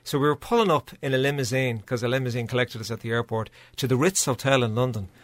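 A man from Dublin with an Irish accent, a guest musician telling lively anecdotes in a radio studio chat. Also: mid-range voice, quick pace, no echo. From Dublin, Ireland. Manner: animated anecdotal storyteller.

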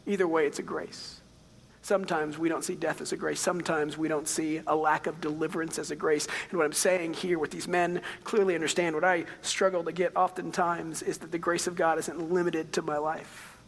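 A man in his thirties preaching a sermon, telling stories with big swings between quiet and loud passages. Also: fairly high pitch, level tone, brisk, vocal fry, slight background noise. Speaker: pastor. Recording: long hall reverb.

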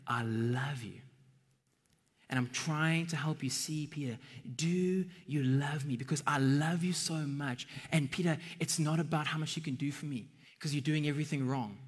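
A man's voice: a little high, a bit bright. A man preaching an earnest sermon that builds to emphatic bursts, recorded with a long hall reverb.

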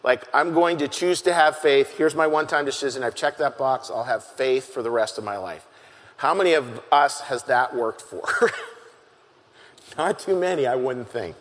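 A man preaching a sermon as pastor, earnest and halting, often repeating his key phrases for emphasis. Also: mid-range voice, a bit bright. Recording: long hall reverb.

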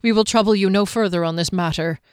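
A narrator voices a diplomatic warrior in a storybook reading, earnest and respectful in tone. The voice is smooth and close, with a dry sound. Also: medium pitch, fast talker, no echo, natural voice. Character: soft-spoken diplomatic male warrior.

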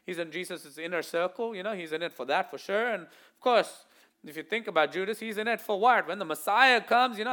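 A male pastor delivers an animated sermon to his congregation in a high voice. His tone is bright and forceful. He swings between loud declarations and hushed asides, acting out the voices he quotes. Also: fairly quick.

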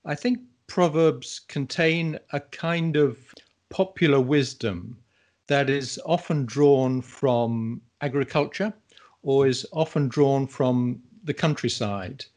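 Slow, thoughtful man explaining. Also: mid-range voice, a little mellow. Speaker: guest, English teacher. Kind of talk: casual conversational podcast.

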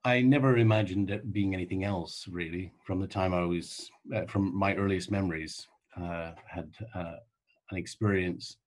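Male pastor from Canada, very low voice, hesitant interview guest. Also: steady tone. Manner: halting, frequent fillers. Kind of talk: casual interview.

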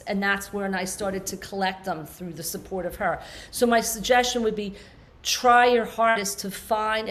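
Woman, fifties, podcast guest, earnest, passionate, rambling. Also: mid-range voice. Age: 50s. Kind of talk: emotional conversational interview.

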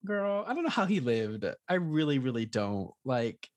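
A woman's voice: rumbling low, very animated, normal speed, a little mellow. A young woman co-hosting a casual horror movie chat, swearing often and acting out her own reactions. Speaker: podcast co-host.

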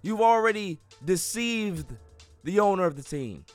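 A man's voice: high-pitched, expressive, a little slow, soft background music. A man hosting a sports podcast, ranting emphatically and repeating words as he builds each point. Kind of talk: casual sports talk.

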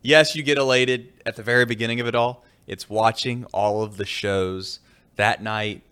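A man's voice: mid-range voice, steady tone, normal speed, a bit bright, clean tone. A man co-hosting a casual sports talk show, musing on the feeling of winning in a rambling, reflective way. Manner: reflective, rambling, lots of fillers. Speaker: podcast co-host.

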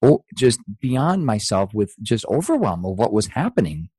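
A man's voice: mid-range voice, sing-song, normal speed, darkish tone, slightly rough, dry recording. A middle-aged man, a guest in an interview, speaking in an earnest, motivational way full of rhetorical questions. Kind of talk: conversational interview.

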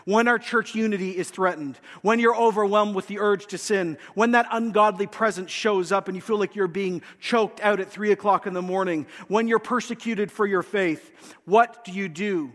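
High-voiced pastor preaching. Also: male voice, steady tone, normal speed, fairly bright tone, long reverb tail. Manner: earnest, direct, addresses the congregation. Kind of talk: sermon. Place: church sanctuary.

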